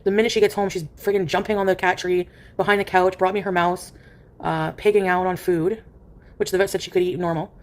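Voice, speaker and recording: A woman's voice: lowish voice, level tone, brisk. A woman chatting casually on a livestream, rambling and filling her speech with "like". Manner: rambling, with heavy use of "like"; coos softly to her cat in baby talk. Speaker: streamer.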